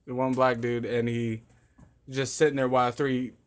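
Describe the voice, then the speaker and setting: A man's voice: medium pitch, flat delivery, a little slow, clear, resonant tone. A young man hosting a casual chat show, rambling and joking with crude banter. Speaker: podcast host.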